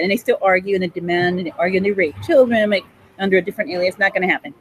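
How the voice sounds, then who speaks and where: A woman's voice: medium pitch, racing, a little hiss or hum, poor audio. A woman in her forties talking in a rambling, profane monologue, often breaking into giggles. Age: 40s.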